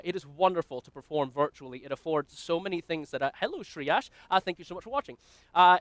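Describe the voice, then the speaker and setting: High-voiced Scottish man joking around. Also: fairly bright tone, no echo. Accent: Scottish, Glasgow. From Scotland. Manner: jokey, self-deprecating banter. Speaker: magician. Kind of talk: comic magic patter on a livestream.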